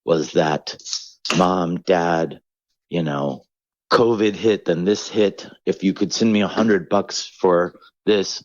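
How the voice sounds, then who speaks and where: A man's voice: low voice, slow, no room sound, muffled recording. A middle-aged man, a comedian, speaking candidly in a podcast conversation, reflective and rambling, acting out quoted voices. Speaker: comedian guest.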